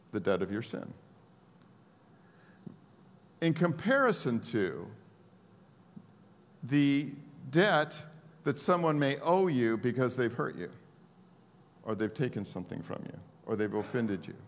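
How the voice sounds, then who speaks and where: A man preaching a sermon in a conversational, animated style, adding casual asides to the audience. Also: mid-range voice, big-room sound.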